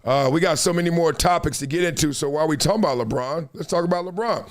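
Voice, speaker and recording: A middle-aged man hosting a live sports talk show, animated and emphatic, often laughing. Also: on the high side, fast. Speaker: host.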